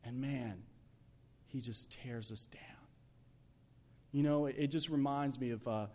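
A man preaches in church with a medium-pitched, unhurried voice. His sermon is lively and conversational, full of acted-out scenes, swings from shouts to whispers, and many "you know"s.

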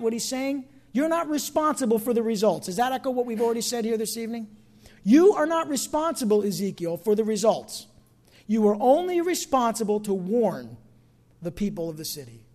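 This high male voice belongs to a middle-aged pastor from New Jersey. He preaches in a conversational manner, alternating quiet asides with loud, forceful outbursts.

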